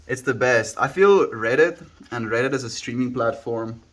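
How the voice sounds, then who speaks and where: South African man, mid-pitched, relaxed livestream chatter, phone mic at home. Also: moderate pace. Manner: laid-back, musing, thanks viewers by name. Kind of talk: casual livestream chat with viewers. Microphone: handheld phone.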